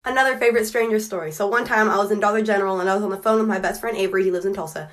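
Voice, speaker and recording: A woman's voice: medium pitch, steady tone, over music. A woman casually telling a funny anecdote, chatty and acting out the quotes. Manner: chatty, quick, acts out quotes.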